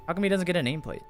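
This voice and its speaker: Rambly gamer dude talking to chat, fairly high voice, bouncy. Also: male voice. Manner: chatty, rambling, talks to chat. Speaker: streamer. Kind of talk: casual live gameplay chat.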